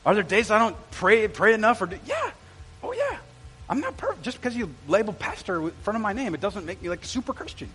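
A man's voice: sits high, big pitch swings, brisk, a bit bright. A man, a pastor preaching a sermon in a church, telling stories in a conversational way and talking straight to the congregation. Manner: storytelling, conversational with asides to the congregation. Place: church sanctuary.

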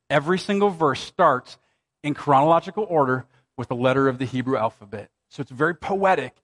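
A man in his thirties, a pastor, preaching a sermon with dramatic scripture reading and lively, conversational storytelling. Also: on the high side. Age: 30s.

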